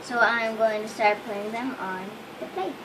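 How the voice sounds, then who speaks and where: High-voiced young woman, kitchen vlog. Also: fairly even intonation, moderate pace, noisy background. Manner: cheerful, short chatty replies. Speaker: daughter co-hosting a cooking video. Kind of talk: casual home cooking vlog. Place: home kitchen.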